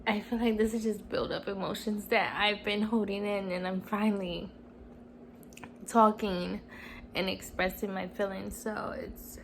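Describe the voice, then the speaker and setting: A woman's voice: medium pitch, little pitch movement, unhurried, gravelly, a little hiss or hum, low-quality recording. A woman in her twenties talking casually and earnestly to her camera at home, rambling with many "you know"s. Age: 20s. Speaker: vlogger. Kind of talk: casual personal vlog. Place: at home, TV on mute.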